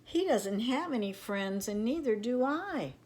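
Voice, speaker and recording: A woman's voice: fairly high pitch, animated, unhurried, darkish tone, voice pushed up. A woman voicing a lonely, eager little boy beaver who asks earnest questions in a storybook reading.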